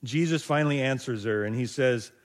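A man's voice: mid-range voice, brisk. A male pastor preaching a conversational sermon, thinking aloud with rhetorical asides to his listeners.

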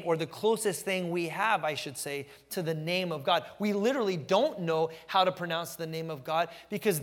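A middle-aged pastor delivers a sermon with emphatic, animated storytelling, stretching out phrases he wants to land. His voice sits high for a man. The sound rings with the long reverb of a church hall.

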